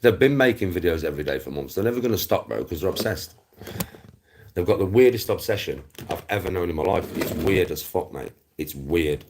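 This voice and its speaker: The host from Smethwick, England, keeps up his blunt, sweary rant to viewers in a Black Country accent, repeating himself between bursts of laughter. He speaks briskly in a low-pitched, slightly mellow voice with lively intonation and a breathy edge.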